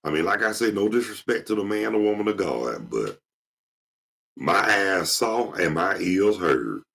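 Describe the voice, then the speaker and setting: Gravelly deep-voiced man telling stories. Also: unhurried. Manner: animated, jumps into impressions. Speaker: show host. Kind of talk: casual storytelling monologue.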